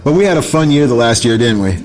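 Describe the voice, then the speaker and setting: A man's voice: medium pitch, animated, quick pace, a little mellow. A man hosting a live internet radio show, chatting casually, laughing often and swearing freely. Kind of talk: casual chat.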